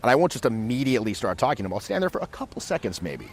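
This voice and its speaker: A man teaching social skills in a casual, animated way, acting out quick scenes as he explains. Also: mid-range voice, slightly rough. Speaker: dating coach. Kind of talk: casual instructional talk. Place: outdoors in a city.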